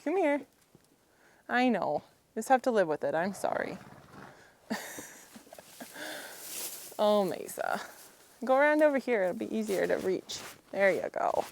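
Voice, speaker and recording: A woman's voice: a little high, sing-song, a little slow, gravelly, long pauses, a little hiss or hum. Chatty woman soothing a horse outdoors. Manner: soothing, chatty, often laughing, talks gently to the horse. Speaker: horse owner and vlogger. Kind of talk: casual vlog narration while tending a horse. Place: outdoors at a horse pen, windy.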